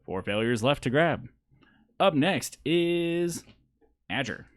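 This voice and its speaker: Playful male game master, lively pitch. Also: slow pace. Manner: laughs often, loose and playful. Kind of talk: narrating a tabletop game.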